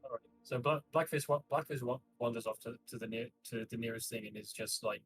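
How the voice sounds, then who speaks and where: A man's voice: medium pitch, fast talker, fairly bright tone, slightly rough, soft background music. A man playing a tabletop game, speaking casually with stumbling restarts. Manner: stumbling restarts, laughing asides. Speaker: player.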